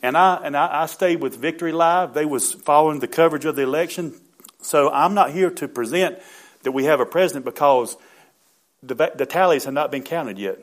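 A middle-aged man preaching a sermon as pastor, fervent, peppering his talk with amens and building to loud emphatic bursts. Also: fairly high pitch, fairly quick.

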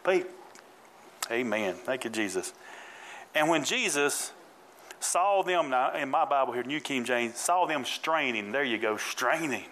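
A man's voice: mid-range voice, lively intonation, unhurried, bright, forceful tone, a little hiss or hum, poor audio. A man preaching a sermon in colloquial style, asking the congregation to repeat after him and calling out members by name while dramatically retelling a Bible story. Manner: call-and-response preaching, calls congregants by name. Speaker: pastor.

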